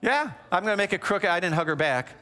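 A man giving a teaching talk on relationships, animated and conversational, with frequent asides to the audience. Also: high-pitched, fast.

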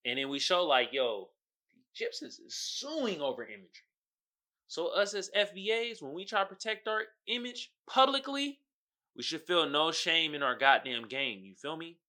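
A man hosting a casual solo podcast in African American Vernacular English, slangy and profane, swinging between muttered asides and loud outbursts. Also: a little high, sing-song, moderate pace. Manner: slangy and profane, keeps asking "you feel me?". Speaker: podcast host.

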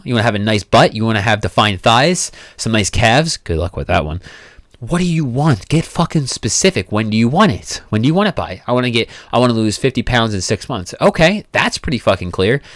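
A man's voice: on the low side, no room sound. Man, young adult, fitness coach, casual monologue, blunt, profane, emphatic, dry sound.

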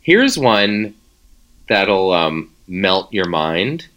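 A man's voice: low voice, very animated, drawn-out words, fairly bright tone. A man, co-hosting a casual chat and playfully quizzing his partner with trivia. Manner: playful, teasing quizmaster. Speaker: co-host running a trivia game.

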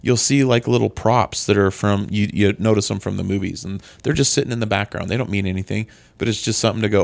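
Man, low voice, gravelly, easygoing, casual podcast talk. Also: fast talker, few pauses. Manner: easygoing, speculative, jokey. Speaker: podcast co-host. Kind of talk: casual chat.

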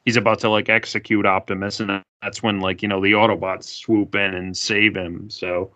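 A man's voice: on the low side, flat delivery, moderate pace, sharp tone. A man co-hosting a casual podcast chat, packing his speech with fillers and the word "like". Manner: filler-heavy, says like constantly. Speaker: podcast co-host. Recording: dull lo-fi sound.

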